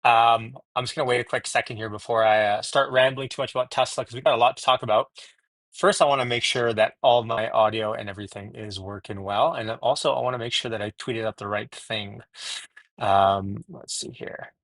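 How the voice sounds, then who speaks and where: A man hosts a relaxed live stream from home and rattles off viewer greetings in a friendly, chatty way. His voice sits in a middle pitch. The sound is dry and close, picked up by earbuds. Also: brisk, no room sound. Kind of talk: casual live stream chat. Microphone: wireless earbuds.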